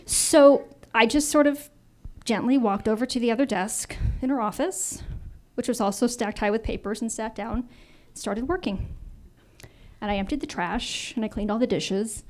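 A lively woman in her fifties tells a story to a live audience, her voice sitting a little high. She moves briskly through the tale and slips into the other characters' lines as she quotes them. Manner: animated, acts out quoted dialogue. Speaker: invited speaker.

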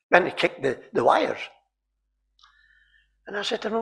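Brief: man preaching in a chapel, lively swooping delivery, fry in the voice, restarts his words often. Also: mid-range voice, moderate pace, long pauses. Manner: animated storytelling with frequent repeated words and throat-clearing. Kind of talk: sermon.

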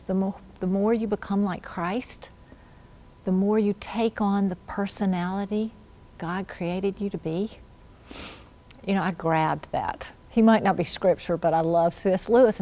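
Speaking in a mid-range voice, a woman earnestly recounts her personal faith story at church. When quoting her own prayers, she lowers her voice to a hush.

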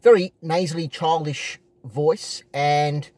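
A slightly husky, fairly high-pitched man talks into a close phone from his parked car. He rambles, repeats phrases and fills gaps with uhs. The sound is dry and close, with no room echo. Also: fairly even intonation, takes it slowly, darkish tone. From Australia. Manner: rambling, repetitive, with many restarts and uh fillers. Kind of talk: casual vlog monologue.

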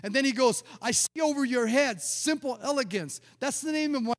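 High-voiced storytelling pastor in a reverberant church. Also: male voice, brisk. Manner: animated storyteller, acts out dialogue, repeats words. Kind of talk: sermon with storytelling.

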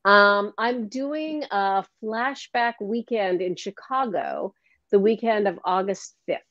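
Lively woman in her sixties, lo-fi audio. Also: medium pitch, slow pace, dry recording. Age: 60s. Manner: animated, laughing storyteller. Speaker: guest actress. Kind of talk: casual podcast interview.

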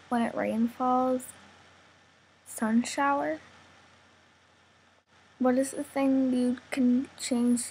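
Young woman, relaxed vlogger, unhurried delivery, light hiss on the camera mic. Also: a little high, low-quality recording. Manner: casual, chatty, says "like" a lot, giggly. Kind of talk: reading a word list for an accent tag.

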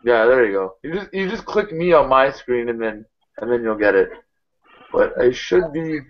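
A man's voice: medium pitch, expressive, normal speed, a little hiss or hum. A man hosting a live video hangout, laughing hard and swearing freely. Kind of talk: casual chat. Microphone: video call. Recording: slightly dull video call audio.

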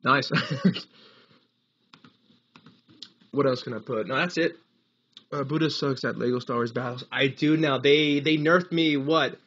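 Husky young man streaming a game. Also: medium pitch, unhurried, pauses often, a bit bright, highs cut off. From United States. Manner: rambling, laughs often, reads chat aloud. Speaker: livestreamer. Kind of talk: casual live gaming stream chat.

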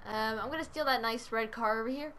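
A woman's voice: fairly high pitch, quick pace, fairly bright tone, a little hiss or hum. A woman casually commenting as she plays a video game, chatty and giggly, often laughing and breaking into playful exclamations. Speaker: gaming channel host. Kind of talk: let's play commentary.

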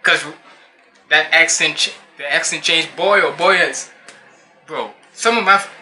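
A young man from Jamaica talks over a track in a reaction video. His voice is sharp and bright, a little high for a man. He rambles in loose slang and slips into island patois. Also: measured pace, soft background music. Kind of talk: casual reaction commentary.

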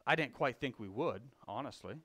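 Guy preaching like he's telling a work story, keeps restarting, goes loud then real quiet. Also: mid-range voice, animated, moderate pace. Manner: folksy storytelling with frequent restarts; swings between loud emphasis and quiet confession. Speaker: lay preacher. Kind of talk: conversational sermon.

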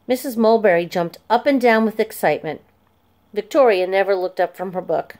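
A woman narrating a children's chapter book aloud in a clear, steady storytelling voice. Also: medium pitch, fairly quick.

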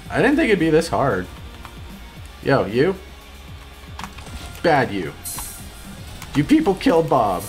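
A man hosting a gaming video, giving excitable gameplay commentary and yelping high when things go wrong. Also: creaky. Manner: excitable, yelps high-pitched when upset.

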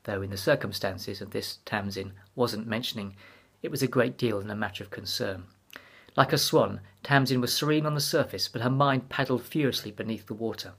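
A male author reading his own murder mystery aloud, measured and wry. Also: on the low side, a bit bright, slightly rough.

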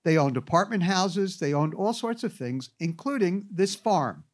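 Speaking at a moderate pace in a voice that sits high, a man delivers an anecdotal classroom lecture. He's an animated storyteller who sprinkles in wry asides.

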